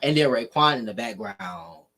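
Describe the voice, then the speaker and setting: A man's voice: mid-range voice, moderate pace, creaky, a little hiss or hum. A man co-hosting a casual reaction video, laughing often and acting out what people said. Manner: animated, laughs often, acts out quotes. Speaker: reaction channel co-host.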